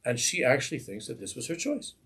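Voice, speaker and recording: A man's voice: medium pitch, huge pitch swings, brisk, a bit bright, slight background noise. A man, a rabbi giving an impassioned Torah class in a synagogue, pleading with rhetorical questions.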